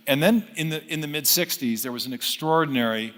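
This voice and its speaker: Man, lecture storyteller, slightly high voice, restarts often, long reverb of a big hall. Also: a little fast, a bit bright. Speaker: speaker. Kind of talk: unscripted lecture.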